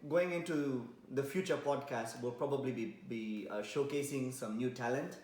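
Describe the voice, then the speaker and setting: A man co-hosting a casual podcast as the show's DJ, speaking slowly with many pauses and fillers. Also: medium pitch, a little mellow. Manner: slow, hesitant, many fillers. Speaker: podcast co-host and DJ. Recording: echoey room.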